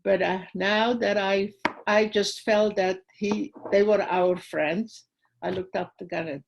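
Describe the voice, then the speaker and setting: An older woman tells her own story with a gravelly, fry-tinged voice. Her tone is husky rather than clear, and she acts out the dialogue vividly. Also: mid-range voice, steady tone, slow, poor audio. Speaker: guest speaker at a school. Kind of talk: personal testimony storytelling.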